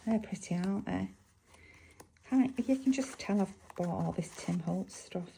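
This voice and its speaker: A woman's voice: medium pitch, measured pace, gravelly, warm tone, breathy edge, poor audio. Chatty Lancashire woman crafting. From England. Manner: chatty, muses aloud, asks viewers questions. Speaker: crafting vlogger. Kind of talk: casual chat while crafting. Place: home craft table.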